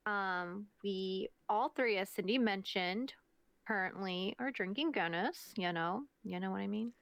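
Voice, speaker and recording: A woman co-hosting a podcast, speaking in a relaxed way with many fillers. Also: medium pitch, unhurried, gravelly, no echo. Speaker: podcast co-host. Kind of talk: casual chat.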